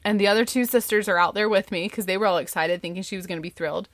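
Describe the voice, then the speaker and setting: Woman, thirties, casual storyteller, lively and chatty, dry close sound. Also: very fast, dry recording. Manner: lively, chatty, full of "like" fillers, jumps much higher for quoted voices. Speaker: mother telling a family story.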